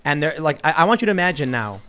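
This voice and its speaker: A man hosting a casual panel discussion, telling stories in an animated way and often restarting his sentences. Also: fairly high pitch, rapid-fire. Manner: animated storytelling with repeated restarts. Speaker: host.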